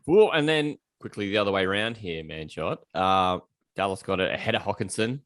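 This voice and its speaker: A low-pitched Australian man hosting a casual podcast, steering the segments with playful ribbing. The recording is close and dry. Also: lively intonation, fairly quick, no echo. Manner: playful, teasing, steers the talk. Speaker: podcast host.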